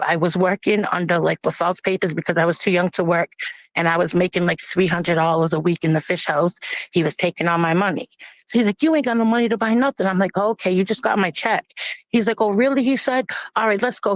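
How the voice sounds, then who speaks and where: A woman giving a personal testimony in a plain-spoken, halting, grave way. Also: mid-range voice, dry recording. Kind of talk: personal testimony, casual storytelling. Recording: dull lo-fi, dry.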